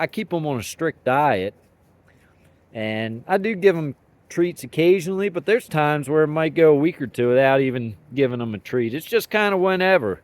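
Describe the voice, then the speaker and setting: A man rambles in a laid-back, folksy way about raising his dogs, dropping slang as he goes. His voice sits a little high for a man. The recording is dry, with no room echo. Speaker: dog owner sharing training thoughts. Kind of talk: casual outdoor vlog talk.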